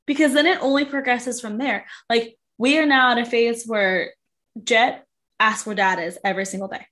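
Female podcast co-host, animated casual chat, slightly high voice, fillers. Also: normal speed. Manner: animated, leans on "like".

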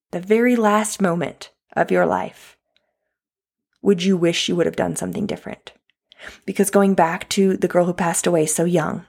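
A woman's voice: lowish voice, gravelly, darkish tone, slightly rough. A woman in her thirties talking straight to the listener in an earnest, heartfelt motivational monologue. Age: 30s. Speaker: podcast host.

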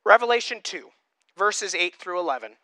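A man preaching a sermon and reading scripture, emphatic, swinging between loud passages and quiet ones. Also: high voice, lively intonation, normal speed, no echo. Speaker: pastor.

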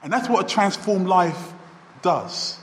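Recorded in an echoey church hall with a little hiss or hum, a man preaches a wedding sermon. He is a pastor with a high, animated voice who tells stories with emphasis and slow, stretched phrasing.

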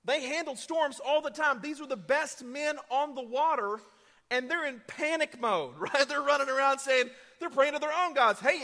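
High, bright-voiced preacher in a reverberant hall. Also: male voice. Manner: energetic, conversational preaching with asides. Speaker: pastor. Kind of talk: sermon with scripture reading.

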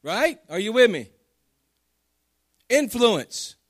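A man's voice: extremely high pitch, animated, unhurried, dry recording, studio quality. A man preaching a sermon with fervor, calling out to the congregation and telling stories in a folksy way. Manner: fervent, Southern-tinged folksy preaching with call-outs to the congregation.

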